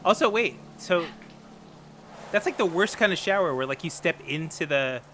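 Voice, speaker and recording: A man's voice: fairly high pitch, animated, normal speed, fairly bright tone. Give me a playful, giggly man co-hosting a podcast, recorded with noticeable background noise. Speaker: podcast co-host. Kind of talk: casual movie-riffing chat.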